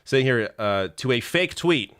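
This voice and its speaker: A man's voice: mid-range voice, lively intonation, measured pace, fairly bright tone, smooth, no room sound, clean studio sound. A man hosting a live show, chatting casually and reading viewer comments in a rambling way, laughing often and swearing freely.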